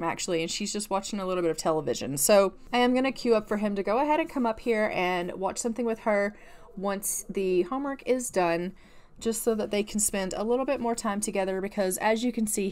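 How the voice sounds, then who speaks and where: A woman giving casual gameplay commentary, chatty and full of filler words, laughing often. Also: mid-range voice. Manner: chatty, full of "like" and "you know". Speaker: let's-play creator.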